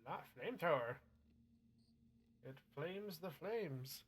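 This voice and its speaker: A man casually chatting while streaming a game, excitable, rambling and swearing freely. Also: high voice, a little slow, long pauses. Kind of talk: casual gaming stream chat.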